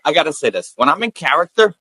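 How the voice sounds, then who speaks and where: A man tells a story with theatrical flair, jumping into other people's voices as he goes. His voice sits high and swoops widely, with a bright, sharp edge. The sound is dry and close. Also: very animated, quick pace, husky, no room sound, rough recording. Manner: theatrical, acts out voices with big pitch jumps. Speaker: comedian and impersonator guest. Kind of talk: animated storytelling in an interview.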